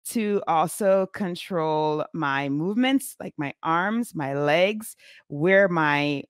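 A woman in her forties telling a story in a casual vlog, chatty and animated, with many fillers. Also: fairly low pitch, no room sound, studio quality. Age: 40s.

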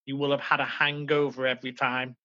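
A man in his forties, a podcast guest, telling his life story in an earnest, reflective way with halting restarts. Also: mid-range voice, flat delivery, pushed and bright, highs cut off.

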